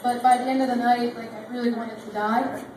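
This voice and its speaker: High-voiced woman comic in an echoey club. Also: flat delivery, a little fast, noisy background. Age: 30s. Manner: rambling, self-deprecating, many fillers. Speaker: stand-up comedian. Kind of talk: stand-up comedy set. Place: comedy club stage. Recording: distant mic in an echoey club. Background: audience laughter.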